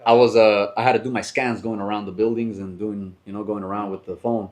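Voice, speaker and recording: A man's voice: on the low side, fairly even intonation, fairly quick, crowd noise. A young man co-hosting a podcast, telling a long story in a rambling, restarting way, full of swearing and "bro". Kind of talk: casual storytelling chat.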